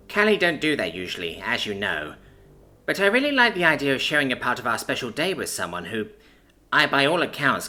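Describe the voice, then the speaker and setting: A man's voice: medium pitch, sharp tone, voice pushed up. A man voicing a young alien princess who speaks nervously but sincerely, hesitant and emotional. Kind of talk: audiobook character voice.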